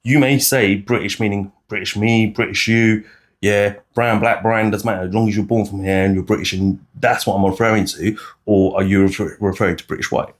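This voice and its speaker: British man, animated podcast debate, low-pitched voice, restarts and acted-out quotes. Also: a little fast. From United Kingdom. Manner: animated, acts out other people's lines, frequent restarts. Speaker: podcast co-host. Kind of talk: casual debate chat.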